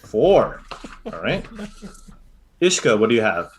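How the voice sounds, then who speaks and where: A man narrating a tabletop role-playing game as game master, telling the story in a lively way with many fillers. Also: lowish voice, slow.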